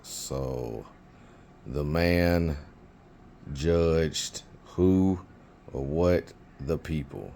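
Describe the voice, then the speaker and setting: A man's voice: rumbling low, drawn-out words, creaky, long pauses, dark tone, a little hiss or hum. A man teaching biblical Hebrew in an informal lesson, thinking aloud with fillers and restarts.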